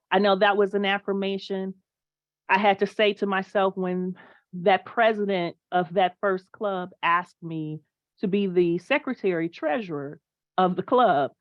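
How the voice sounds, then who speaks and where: A woman's voice: mid-range voice, no room sound, lo-fi sound. Emphatic woman giving a motivational talk. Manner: emphatic, animated, reads chat replies aloud. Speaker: motivational speaker.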